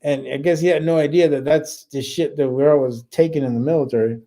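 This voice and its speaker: A man in his forties hosts a relaxed live chat and answers viewers as he goes. His voice sits a little high and sounds mellow. He curses constantly and rambles through lots of fillers and false starts. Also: fairly quick. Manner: laid-back and profane, rambling with many fillers and restarts. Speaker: livestream host and Army veteran.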